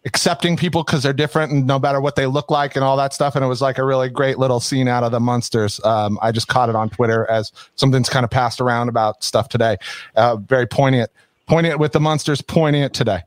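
A man's voice: mid-range voice, steady tone, quick pace, no echo. A man co-hosting a casual chat, laid-back and rambling, laughing easily. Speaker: podcast co-host.

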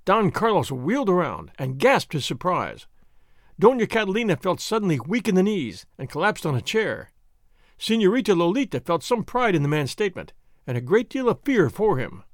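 A man narrating a classic adventure novel in expressive, scripted storytelling style. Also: sits high, moderate pace, no room sound, clean studio sound. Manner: expressive storytelling, varied characters. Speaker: audiobook narrator.

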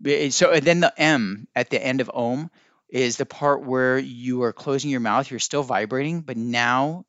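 A man's voice: medium pitch, normal speed, fairly bright tone, no echo. Musing man hosting a solo podcast. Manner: musing, self-correcting, teacherly. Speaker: podcast host. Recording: dry, dull lo-fi sound.

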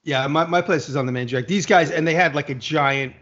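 A man, a podcast guest, telling stories in casual chat, animated and swearing freely. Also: a little high, a little fast. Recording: dull lo-fi recording.

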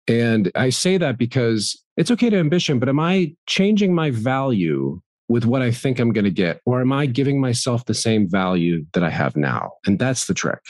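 A middle-aged man speaking candidly as a guest in a podcast conversation, animated and laughing often, acting out the voices he quotes. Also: mid-range voice, moderate pace, few pauses, no echo.

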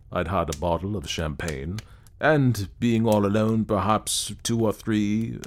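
Brief: male narrator, lowish voice, dry and self-assured reading of a story. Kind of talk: scripted narration.

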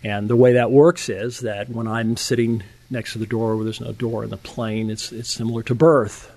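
An older man with a gravelly, creaky voice tells a personal story in a relaxed interview. He talks in an animated, chatty way, chuckling as he goes and restarting words. The sound is dry and close. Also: medium pitch, normal speed, dry recording. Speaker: guest telling his testimony. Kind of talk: conversational storytelling.

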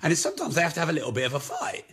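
Husky, forceful man, blunt talk. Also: on the high side, huge pitch swings, very fast. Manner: frank, swears freely. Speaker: property business speaker. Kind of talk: candid motivational talk.

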